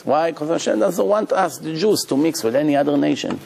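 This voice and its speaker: A man giving a religious lecture as a rabbi, emphatic and animated, repeating key phrases as he tells stories. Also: a little high, normal speed, vocal fry, slightly rough.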